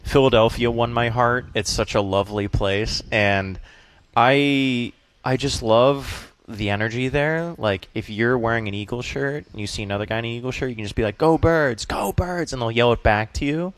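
Male comedian guest, faint Boston accent, lively anecdotes. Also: medium pitch, normal speed, clear, resonant tone, dry recording. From Boston area. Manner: animated, jokey storytelling. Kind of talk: casual interview chat.

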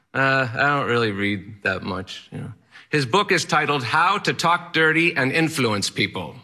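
Bright, candid male storyteller. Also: medium pitch, expressive, normal speed. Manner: candid, wry, matter-of-fact. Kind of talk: first-person storytelling performance.

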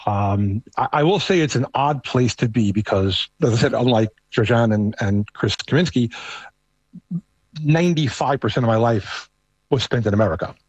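A middle-aged man with a thick New York accent and a husky, slightly rough voice. He talks conversationally, often restarting his sentences. The recording is dry and close. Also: medium pitch, moderate pace, dry recording. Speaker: guest, American living in Canada. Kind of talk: casual discussion.

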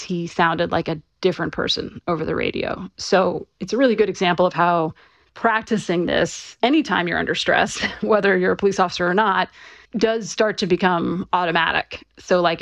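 A woman who is an author, giving conversational interview answers and explaining things clearly, with casual fillers. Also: fairly low pitch, no room sound. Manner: conversational, clear, with frequent fillers like "you know" and "right".

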